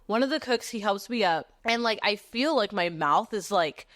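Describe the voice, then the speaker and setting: A young woman host spins a dramatic personal story in loose, chatty fashion. She swears freely and leans on "like" in almost every line, with animated delivery and a mid-range voice. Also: medium pitch, moderate pace. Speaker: podcast host. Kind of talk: casual storytelling chat.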